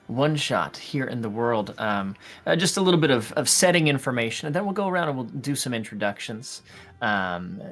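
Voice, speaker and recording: A guest game master introducing a tabletop one-shot and setting the scene in a measured way. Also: mid-range voice, fairly bright tone.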